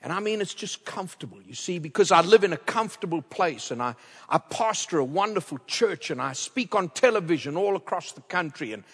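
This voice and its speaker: A man preaching a storytelling sermon as a guest speaker, wearing a headset mic and swinging from loud to hushed. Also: high-pitched, animated, brisk, husky. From outside the United States. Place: large church. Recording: long reverb of a large church.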